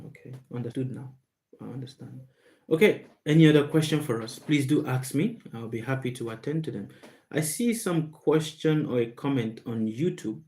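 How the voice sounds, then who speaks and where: A man hosting a live stream question-and-answer session, speaking slowly and emphatically and repeating key words. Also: medium pitch, warm tone. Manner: slow, emphatic and repetitive, stressing words. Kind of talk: live Q&A monologue.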